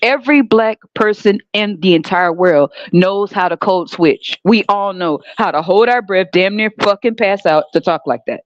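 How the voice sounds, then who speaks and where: A woman's voice: mid-range voice, normal speed, few pauses, no echo. Woman host, blunt and sarcastic, swearing through a heated rant; dull, dry recording. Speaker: podcast host. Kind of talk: profane ranting monologue.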